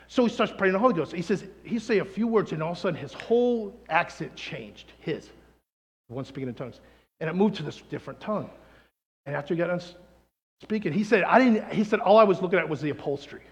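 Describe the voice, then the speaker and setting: A man preaching a sermon, telling stories and acting out the people in them with lively quoted voices. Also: fairly high pitch, fairly quick, slightly rough, big-room sound. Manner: animated, acts out quoted people. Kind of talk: sermon storytelling.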